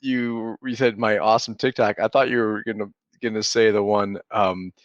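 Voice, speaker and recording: A man's voice: on the low side, moderate pace, no room sound, highs cut off. A man co-hosting a podcast, telling stories in a casual chat and acting out his kids' voices. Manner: animated storyteller acting out his kids' lines. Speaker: podcast co-host.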